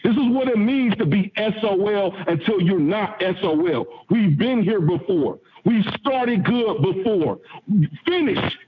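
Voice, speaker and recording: A man's voice: sits high, expressive, a little slow, few pauses, darkish tone, slight background noise, low-quality recording. A man calling into a fan show over the phone, speaking emotionally in a rambling, repetitive way. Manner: emotional, rambling, repeats himself. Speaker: caller. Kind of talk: fan call-in rant. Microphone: phone call.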